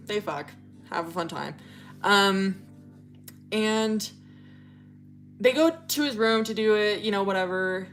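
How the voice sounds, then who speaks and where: A woman streamer chats while she draws, her voice sitting low. She rambles through a story with constant fillers and casual swearing. Faint music plays behind her. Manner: rambling and profane, heavy fillers. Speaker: livestreamer.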